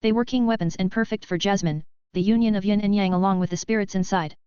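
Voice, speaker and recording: A woman giving steady, scripted narration of a web novel as an audiobook narrator. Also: mid-range voice, quick pace, smooth, dry recording. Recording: dry, slightly dull lo-fi recording.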